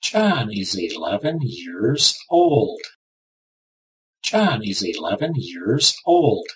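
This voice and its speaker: Woman saying practice words twice each, really slow, pitch moves around a lot, sounds a bit far from the mic. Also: very animated. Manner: says each word or phrase twice, clearly. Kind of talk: slow repeat-after-me drill.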